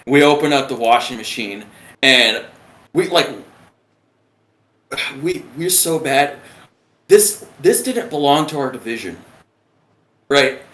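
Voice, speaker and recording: A man, a retired submariner, telling a story in a casual, profane and animated way. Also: mid-range voice, a little slow, pauses often. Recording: roomy echo.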